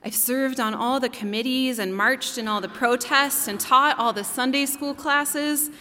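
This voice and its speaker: A tired old male engine from a storybook, sighing and whispering in weary defeat, as a woman puts him on. Her breathy voice hangs in a long hall reverb. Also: sits high, a little slow, sharp tone.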